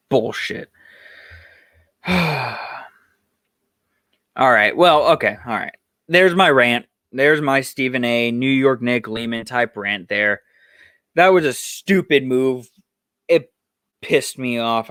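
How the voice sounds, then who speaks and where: Casting note: young male podcast host, slightly high voice, dry close mic, heated profane ranting. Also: fairly bright tone, clear, resonant tone, dry recording. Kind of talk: solo sports podcast rant and roundup.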